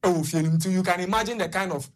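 A woman with a Ghanaian accent chatting on a radio show, telling animated stories and switching between Twi and English. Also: lowish voice, very fast. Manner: animated storytelling, code-switching. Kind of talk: casual chat mixing Twi and English.

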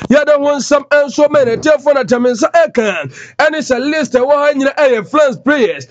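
Man, sports news presenter, reels off player names, high voice, dull lo-fi sound. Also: lively intonation, a little slow. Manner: rattles off player names in lists. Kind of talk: radio sports news reading.

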